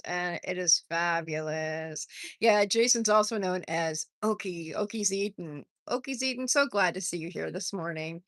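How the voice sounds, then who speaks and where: An older woman hosts a relaxed livestream, chatting and reading out comments from viewers. She speaks in an everyday middle register and laughs often. The sound is dry and close, with no room around it. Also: mid-range voice, no room sound. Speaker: livestream host. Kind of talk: casual livestream chat. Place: home, on a porch.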